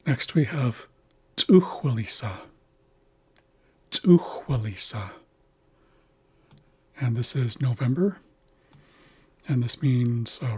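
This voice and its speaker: Teaching a language on a livestream, this man uses a medium-pitched, darkish voice with a breathy edge. He's slow and careful, saying words more than once to model how they're pronounced.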